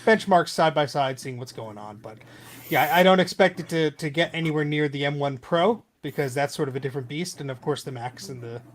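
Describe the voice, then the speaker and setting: Slightly high, chatty male podcast host. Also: a little fast. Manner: chatty, loose, joking, lots of fillers. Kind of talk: casual tech podcast chat.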